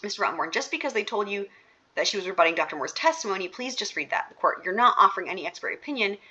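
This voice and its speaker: Brisk bright-voiced woman reading transcripts. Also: mid-range voice, lively intonation. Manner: reads each speaker's lines straight through, breaking off for chatty asides. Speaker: host reading trial sidebar transcripts. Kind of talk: reading transcripts aloud with asides. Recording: dull lo-fi recording.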